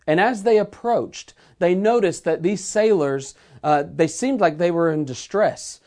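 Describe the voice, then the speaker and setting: A man preaching a sermon to an online audience in an earnest, measured way, slowing down to stress key phrases. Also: high-pitched, darkish tone. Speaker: pastor. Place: remote sermon streamed online.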